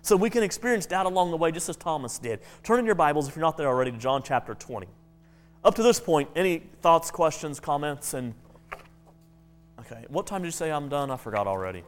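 Casual preacher, higher voice, stumbles and restarts, faint music behind. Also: male voice, animated, fast. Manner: conversational, stammering restarts. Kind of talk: sermon.

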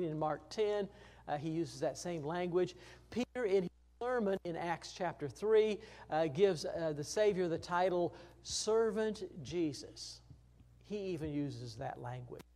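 A man teaching through a Bible passage in a conversational, folksy way, with many fillers and restarts, getting louder for emphasis and quieter for gentle points. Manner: rises in pitch and volume for emphasis, drops low for tender points.

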